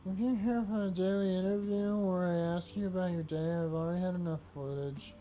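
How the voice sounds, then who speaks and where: A woman's voice: lowish voice, steady tone, fairly quick, warm tone, faint music behind, natural voice, rough recording. A woman voicing a drunk, bitter woman who works on a deadly show, with a slurred, drunken delivery. She reads the lines aloud while playing a game. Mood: drunk, sardonic.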